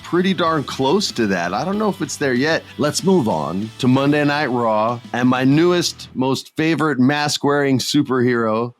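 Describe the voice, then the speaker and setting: A man's voice: mid-range voice, expressive, normal speed, few pauses, soft background music. A man from the United States hosting a podcast, talking in a laid-back, slangy way and telling stories with energy. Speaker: podcast host. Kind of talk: casual chat.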